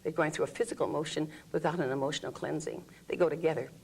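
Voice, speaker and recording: A woman's voice: deep voice, fairly even intonation, fast, gravelly, darkish tone, slight background noise. A woman explaining an energy healing technique in an interview, demonstrating groans, sighs and vocal sounds as she talks. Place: room under studio lights.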